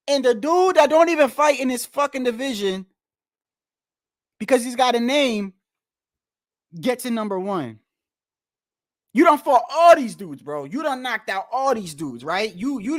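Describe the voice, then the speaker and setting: A man's voice: very high-pitched, fairly bright tone, dry recording, clean studio sound. A man ranting casually about boxing rankings, profane and repetitive, tired after a long day and talking straight to his viewers. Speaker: boxing commentator.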